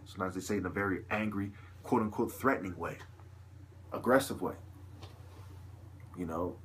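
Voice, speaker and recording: A man's voice: mid-range voice, a bit bright, a little hiss or hum. A man delivering a long, agitated, profane vlog monologue to camera, peppered with "you know.". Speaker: video blogger.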